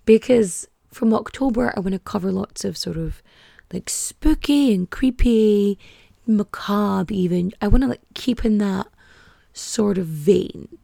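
A woman's voice: mid-range voice, measured pace, vocal fry, warm tone, dry recording. A young woman hosting a podcast, rambling and chatty, packing her talk with "like". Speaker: podcast host. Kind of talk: casual podcast chat.

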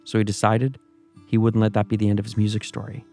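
A male narrator reads a scripted documentary story in a measured, even delivery. His voice is low and gravelly, with little rise and fall in pitch. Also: faint music behind.

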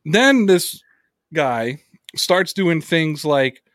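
A man hosting a sports podcast, telling stories in a casual, profane, animated way. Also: on the high side, extremely slow, dry recording, clean studio sound. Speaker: podcast host.

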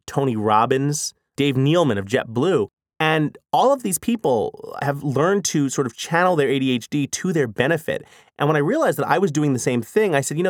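A man in his forties, an author, talking casually and fast, with lots of "you know" and "like" as he speaks. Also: medium pitch, no echo, clean studio sound. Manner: fast, energetic talker who fills speech with "you know" and "like". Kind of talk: casual spoken reflection.

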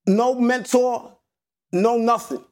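A man's voice: very high-pitched, slow. A man in middle age, a real estate investor guest, telling his personal story in an earnest, emotional way and repeating key phrases. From United States. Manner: earnest, repetitive, animated storytelling.

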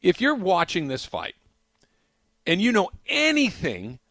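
A man's voice: high voice, wildly swooping pitch, a little slow, fairly bright tone, no room sound. A man hosting a sports talk radio show, bantering with a co-host in a wry, self-mocking way.

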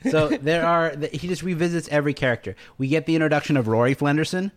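A man's voice: a little high, fast. Chatty man recapping a show. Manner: animated retelling, acts out quotes, laughs often. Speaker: podcast co-host. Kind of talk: casual chat.

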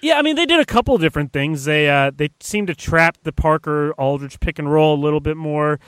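A man's voice: on the high side, lively intonation, fairly quick, a bit bright, clear, resonant tone, no echo. A man co-hosting a casual sports podcast, breaking down plays in an analytical way and often hedging with "I mean". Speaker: co-host and editor.

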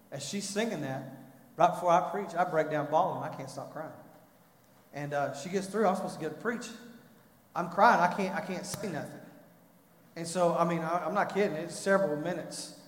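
A man preaching a sermon, telling a story and rising to loud, impassioned pleading. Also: on the high side. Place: church. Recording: echoey hall.

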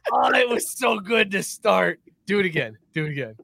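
A man co-hosting a sports podcast, loud, excitable and profane, in casual chat. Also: high-pitched, normal speed, gravelly, dry recording. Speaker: podcast co-host.

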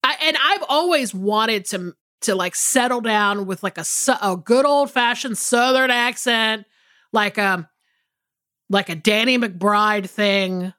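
A woman co-hosting a podcast in a casual chat. She talks in a relaxed, rambling way with many restarts. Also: medium pitch, takes it slowly, no room sound, clean studio sound. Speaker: podcast co-host.

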